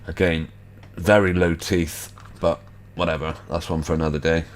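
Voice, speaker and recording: Speaking with a low, flat delivery at a moderate pace, a man hosts an internet show and comments on video clips. He wanders through doubtful asides, padding them with fillers.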